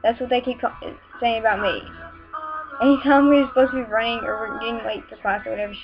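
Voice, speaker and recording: A teenage girl with a Southern accent, rambling casually to a webcam with lots of fillers and quick irritated asides. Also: a little high, steady tone. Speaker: vlogger. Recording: muffled webcam audio with music behind.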